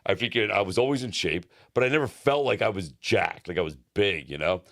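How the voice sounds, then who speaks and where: Fast-talking low-voiced man telling stories. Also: gravelly, fairly bright tone. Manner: rambling storyteller with many restarts and fillers. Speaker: co-host, personal trainer. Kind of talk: casual podcast chat.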